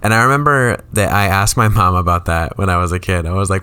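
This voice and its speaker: A man chatting on a comedy podcast, wry and conversational. His voice sits very low. The sound is dry and close, with no room around it. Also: fast talker, sharp tone, smooth, no echo. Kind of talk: casual chat.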